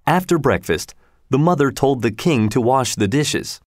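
A man narrating a storybook aloud in a measured, expressive way. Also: mid-range voice, no room sound, studio quality.

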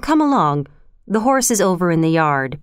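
A woman voicing a shy, gentle older farmer who speaks in few, quiet words, in a storybook reading. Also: on the low side, very animated, normal speed, smooth, no echo, studio quality.

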